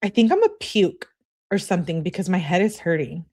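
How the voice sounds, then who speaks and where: A woman's voice: on the low side, sing-song, brisk, a little mellow. A woman reading as a whiny young girlfriend. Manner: complaining, pleading. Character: whiny young woman texting her boyfriend.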